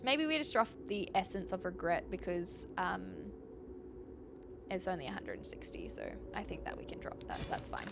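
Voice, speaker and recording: A woman's voice: a little high, heavy background noise. A young woman streamer thinking aloud with lots of fillers as she plays, in casual gameplay commentary. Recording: game music clearly behind. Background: game music.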